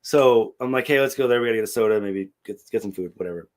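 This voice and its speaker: A middle-aged man telling a long story in casual chat, animated and profane, acting out the dialogue. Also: fairly low pitch, fast talker. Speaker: podcast co-host.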